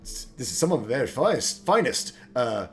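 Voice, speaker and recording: A man's voice: medium pitch, big pitch swings, brisk. A man voicing a friendly male tea and tobacco merchant with a hint of a lost Scottish lilt. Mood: salesy. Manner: warm salesman patter, failed Scottish lilt.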